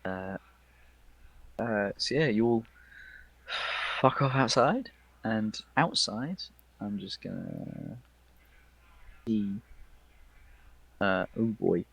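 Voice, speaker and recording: A man narrating a tabletop game as game master, casual and halting, with many fillers. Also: on the low side, expressive, creaky, a bit bright, breathy edge.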